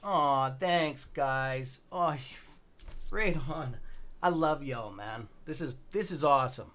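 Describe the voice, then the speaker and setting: A man's voice: fairly high pitch, slow, a bit bright. A middle-aged Canadian man hosting a stock trading livestream, rambling loosely and greeting viewers by name in a friendly, casual way.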